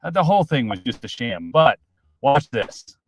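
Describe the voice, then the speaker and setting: A man from Minnesota hosting a live political commentary stream, swinging between loud outbursts and quiet mutters. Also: mid-range voice, sing-song, moderate pace, background noise.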